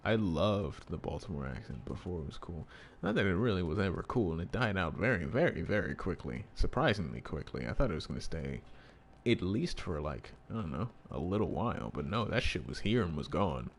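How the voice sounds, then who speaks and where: A man's voice: low voice, big pitch swings, brisk, slight background noise. A man giving casual gameplay commentary, rambling and swearing with amusement at his own jokes. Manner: rambling, profane, self-amused. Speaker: gaming streamer. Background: game music.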